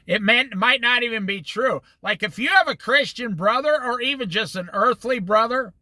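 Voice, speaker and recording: A man leading an informal Bible study, explaining scripture in an animated, storytelling way and acting out the quotes. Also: very high voice, no echo.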